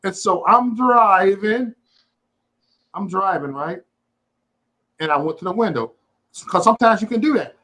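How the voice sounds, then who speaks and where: A man hosting a casual livestream, telling a story in an animated, profane way and acting out the quotes. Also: sits high, normal speed, long pauses, low-quality recording. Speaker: host.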